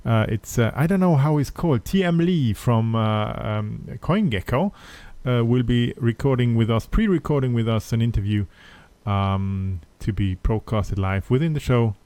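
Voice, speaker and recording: A man's voice: mid-range voice, lively intonation, moderate pace, few pauses, a little mellow, no echo. A man with a German accent hosting a podcast in casual chat, hesitant with many fillers and restarts. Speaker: podcast host.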